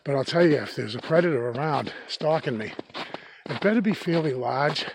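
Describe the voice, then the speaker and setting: A man's voice: a little high, lively intonation, moderate pace, noisy background. A man with a Boston accent, chatting casually and joking while hiking in a snowy forest, a little winded from the climb. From New England. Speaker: hiking vlogger. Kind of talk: casual walk-and-talk vlog.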